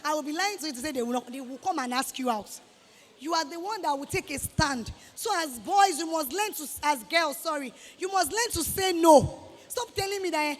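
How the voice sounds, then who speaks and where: A woman with a Nigerian accent giving an animated motivational talk to students, scolding them and acting out quoted voices. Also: very high voice, normal speed, in a large hall. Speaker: guest speaker to students. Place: hall with students.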